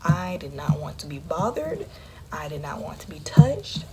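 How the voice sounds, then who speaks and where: Low-voiced woman sharing candidly. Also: very animated, unhurried, heavy background noise. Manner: candid, conversational, drops into a hush often. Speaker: vlogger. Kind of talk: personal storytelling to camera.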